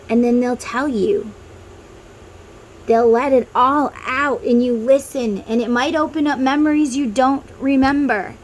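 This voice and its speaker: A woman's voice: high-pitched, measured pace, a little hiss or hum, rough recording. A woman who reads tarot, talking casually to viewers and guiding them through an inner-child meditation, with chatty tangents. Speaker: tarot reader.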